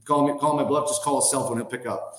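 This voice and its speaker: Man in his thirties, former athlete guest, loose chatty anecdotes full of fillers, mid-pitched, recorded in a roomy space. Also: steady tone, fast talker. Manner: rambling, filler-heavy storytelling. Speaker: podcast guest, former hockey player. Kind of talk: casual anecdote telling.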